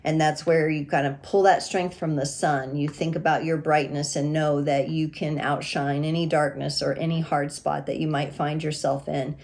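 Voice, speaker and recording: A woman giving a gentle, reassuring tarot reading, speaking with pauses and restarts. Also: sits low, flat delivery, creaky. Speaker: tarot reader.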